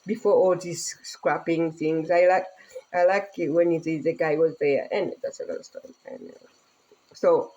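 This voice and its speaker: A woman's voice: sits low, steady tone, a little slow, dark tone, lo-fi sound. A woman vlogger in a casual chat, talking in rambling, emotional broken English and laughing often.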